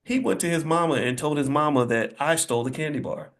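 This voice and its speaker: A man with a fairly high voice speaks quickly, delivering a motivational speech to a live audience. His cadence is emphatic and preacher-like, with repeated phrases and blunt folksy asides.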